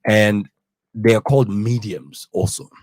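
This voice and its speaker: A man chatting casually as a podcast host, explaining his ideas in an earnest, halting way with lots of fillers and restarts. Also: on the low side, darkish tone, no echo. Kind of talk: casual chat.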